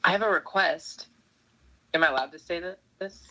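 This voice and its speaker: Bright, hesitant chat guest. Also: mid-range voice, moderate pace, rough recording. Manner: hesitant, giggly. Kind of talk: casual chat.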